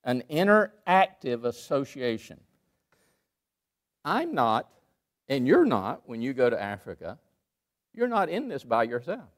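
A man preaching a sermon in a church, emphatic, rising to loud peaks and dropping to quiet asides. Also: medium pitch, huge pitch swings, a little slow, long pauses. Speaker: pastor. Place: church sanctuary.

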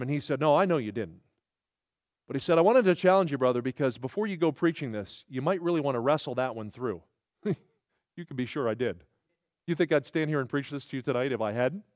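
A male preacher delivering a sermon in a folksy, animated way, his emphasis climbing as he makes each point. His voice sits a little high for a man and sounds dry and close, with little room around it. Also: no room sound.

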